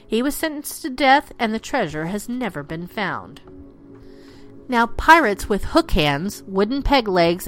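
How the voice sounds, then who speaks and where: Woman podcast host reading her script, voice bounces up and down a lot, calls listeners darlings. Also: a little high. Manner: lively, affectionate sign-off. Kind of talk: scripted narration.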